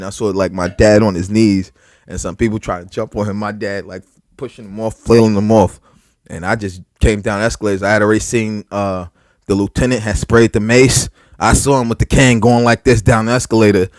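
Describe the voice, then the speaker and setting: A man's voice: fairly low pitch, no echo, clean studio sound. Profane, rambling storyteller man. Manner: heavy filler words, profane, animated retelling. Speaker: podcast co-host. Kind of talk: casual storytelling.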